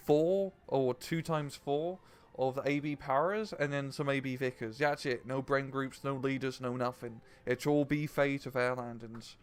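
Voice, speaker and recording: A man's voice: mid-range voice, clear, resonant tone. A man casting a strategy game replay with a co-host, chatty and upbeat as he breaks down the match. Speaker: game caster.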